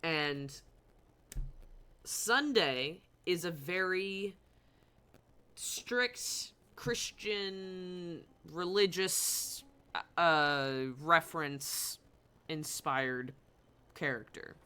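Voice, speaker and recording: Slow, bright-voiced rambling game streamer. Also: mid-range voice, clear, resonant tone. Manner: rambling, flustered, laughing often. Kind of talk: casual live-stream commentary. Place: at a desk at home.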